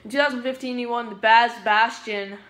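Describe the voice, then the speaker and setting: Chatty woman with a high-pitched voice. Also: steady tone, fairly quick, a bit bright. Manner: chatty, digressive, stops to explain terms. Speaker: vlogger presenting a hockey player. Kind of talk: casual fan presentation.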